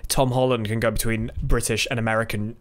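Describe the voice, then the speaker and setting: Man, 20s, podcast co-host, casual chat, jokey, rambling, middle pitch, fillers and restarts. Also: level tone, quick pace.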